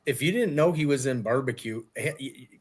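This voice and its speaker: A man's voice: mid-range voice, normal speed, breathy edge. A man co-hosting a casual chat show, rambling through stories and teasing his co-host.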